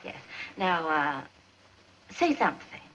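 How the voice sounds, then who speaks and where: A woman's voice: low-pitched, very animated, slow, fairly bright tone, full character voice. An actress playing a playful wife who coaxes her husband through a pretend scene, in 1940s screwball film style, on a dull old soundtrack with hiss. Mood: playful coaxing. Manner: teasing, insistent, directs her husband.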